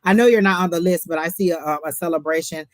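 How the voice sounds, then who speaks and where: A woman's voice: fairly low pitch, fast, slight background noise. A woman hosting a casual live-stream tarot reading, talking in a chatty, emphatic way and often repeating herself. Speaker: tarot reader host.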